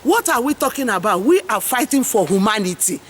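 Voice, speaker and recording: A woman's voice: fairly high pitch, animated, fairly quick, slight background noise. A middle-aged woman with a Nigerian English accent, hosting an impassioned, rambling monologue full of preachy, repeated slogans. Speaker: host and farmers' advocate.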